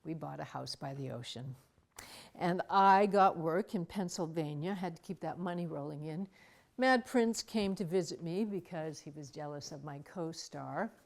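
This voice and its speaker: An older woman telling a personal story in a wry, dramatic way, soft music behind her. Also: sits low, normal speed, gravelly. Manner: wry, dramatic, with acted asides.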